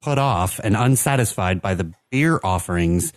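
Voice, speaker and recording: A man's voice: deep voice, expressive, normal speed, no echo. An American man co-hosting a casual podcast, giving rambling, filler-laden explanations as he presents a beer. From United States. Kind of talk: casual chat.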